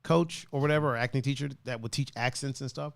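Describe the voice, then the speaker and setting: A man's voice: mid-range voice, fast, creaky, smooth, dry recording. Laid-back East Coast man, dry sound. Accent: East Coast, D.C. and Baltimore slang. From Washington, D.C. area. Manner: laid-back, laughs often, slangy. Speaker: host. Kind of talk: casual chat on a livestream.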